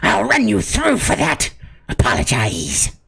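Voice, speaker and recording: A zealous rat-folk cultist growls his threats very slowly from deep in his throat. His voice is rough and raspy, yet it swings widely in pitch. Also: wildly swooping pitch, a bit bright, full character voice. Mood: menacing. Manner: slow, gravelly menace with hissing threats. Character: hissing male rat-folk cultist leader, menacing zealot. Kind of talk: tabletop role-play voice.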